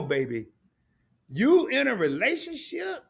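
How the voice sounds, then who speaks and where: A middle-aged man hosting a casual live stream, talking to his chat in an animated way, laughing a lot and repeating words. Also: high voice, moderate pace, vocal fry.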